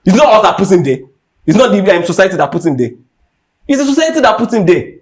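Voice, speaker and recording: Podcast host, young Nigerian man, pitched a bit high, emphatic rant delivery. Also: very animated, fast talker. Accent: Nigerian English. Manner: heated and emphatic, repeating points. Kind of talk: impassioned rant.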